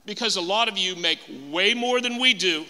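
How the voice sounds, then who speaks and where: A man's voice: sits high, normal speed, pushed and bright. A male pastor preaching a sermon in a church auditorium, emphatic and repeating phrases for stress. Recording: long hall reverb, faint music.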